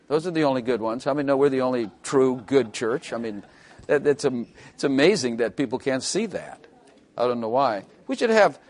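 A man preaching a sermon as pastor, mixing scripture with wry, teasing asides. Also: mid-range voice. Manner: wry, joking asides with quick bursts and drawn-out emphasis.

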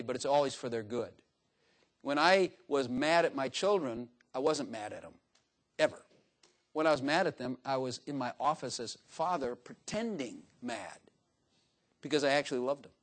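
An older man preaching a sermon in a folksy, joking way, acting out little dialogues in different voices. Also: fairly high pitch. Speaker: pastor.

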